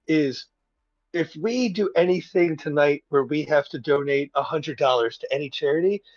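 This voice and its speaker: A man's voice: on the high side, moderate pace, dry recording. Rambling man on a dull podcast mic. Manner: rambling, hesitant, lots of ums. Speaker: podcast co-host. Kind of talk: casual podcast banter.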